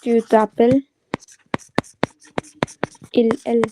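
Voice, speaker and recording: A woman's voice: fairly high pitch, flat delivery, very slow, noisy background. A woman teaching a French grammar lesson to a student, patiently repeating each conjugation aloud.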